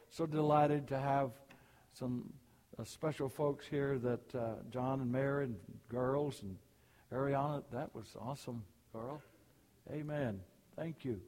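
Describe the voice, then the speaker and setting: A man's voice: medium pitch, mellow, in a large hall. An older man from Alabama, a preacher giving a folksy sermon full of jokes at a church meeting. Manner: folksy, storytelling.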